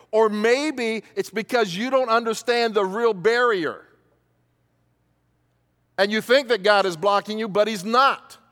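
Long hall reverb surrounds a man's very high-pitched, slightly bright voice as he preaches to his congregation. Leading them in call-and-response, the pastor asks questions for them to answer and repeats key phrases for emphasis.

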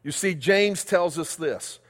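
A man's voice: a little high, takes it slowly, in a large hall. A male pastor preaching a sermon, asking the congregation questions and answering them himself.

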